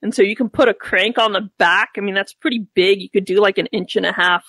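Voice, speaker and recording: A woman's voice: mid-range voice, fairly even intonation, fast, bright, forceful tone, dry recording. A woman playing a tabletop game, talking casually with lots of stammering restarts.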